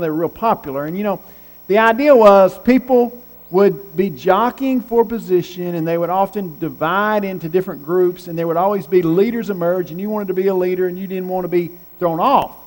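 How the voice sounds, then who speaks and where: Man, preacher, high voice, conversational sermon, rhetorical questions, reverberant hall. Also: a little fast.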